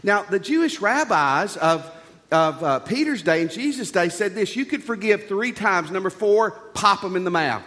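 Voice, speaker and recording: A man's voice: high-pitched, moderate pace. Guy preaching in a big echoey church, folksy and joking, voice jumps all over. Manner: folksy, animated preaching with jokes and rhetorical questions. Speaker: pastor. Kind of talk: sermon. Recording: long reverb of a large hall.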